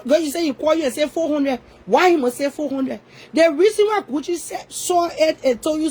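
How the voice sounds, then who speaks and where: Woman, high voice; confrontational online rant, scolding and repetitive. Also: a little mellow, rough recording. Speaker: online commentator. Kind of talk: ranting social media commentary.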